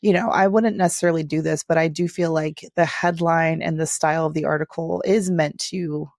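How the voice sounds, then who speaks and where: Woman, 30s, podcast co-host, gravelly low voice, dry studio mic, chatty. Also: a little fast, no echo. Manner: chatty, animated storytelling. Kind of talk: casual chat.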